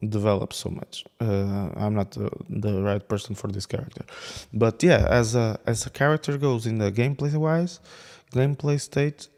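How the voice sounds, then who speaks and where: A man's voice: fairly low pitch, vocal fry, a little mellow. A man in a casual game commentary, rambling with many restarts and laughing at his own jokes. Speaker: gaming video creator.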